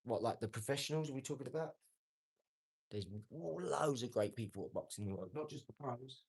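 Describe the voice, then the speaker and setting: A man's voice: medium pitch, lively intonation, brisk, gravelly, darkish tone, husky. Brash man in his forties. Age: 40s. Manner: brash, boastful, street-talking. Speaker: livestream host. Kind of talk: casual live-stream chat answering comments.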